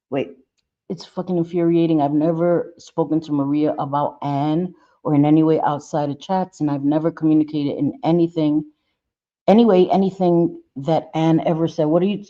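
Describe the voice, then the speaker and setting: A woman's voice: low voice, normal speed, warm tone, dull audio. Blunt, cursing middle-aged woman streamer. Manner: blunt and profane, often trailing off. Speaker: livestream host. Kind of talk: casual livestream chat to viewers.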